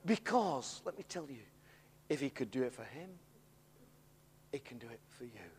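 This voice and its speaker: A middle-aged man preaching a sermon, telling a story in an animated way that swells into excited shouts. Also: mid-range voice, normal speed, a little hiss or hum. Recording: long hall reverb.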